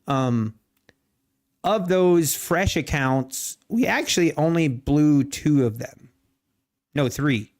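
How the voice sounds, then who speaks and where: Man, livestream host, casual chat, unhurried drawl, rambling, playfully defensive, a bit higher voice. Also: animated, darkish tone. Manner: slow, rambling, self-correcting.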